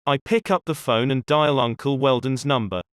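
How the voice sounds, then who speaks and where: A man narrating an audiobook in the first person with measured, expressive storytelling. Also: medium pitch, clean tone, no room sound, studio quality. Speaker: audiobook reader.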